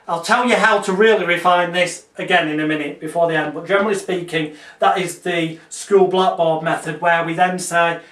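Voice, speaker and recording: A man with a high voice teaches hypnotherapy in a blunt, chatty way, then eases into a slow, soothing script voice. He sounds set back from the microphone in an echoey room. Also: steady tone, fairly bright tone. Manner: switches between brisk explaining and slow soothing script delivery; blunt, swears. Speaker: hypnotherapy instructor. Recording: roomy, from a distance.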